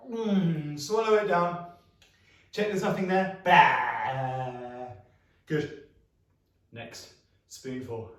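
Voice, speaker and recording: Speaking slowly in a high-pitched, sing-song voice with long pauses, a man works as a music practitioner in a live online session, guiding children through a playful action story with sound effects and coaxing prompts. He sounds distant, set back from the mic in a very echoey room.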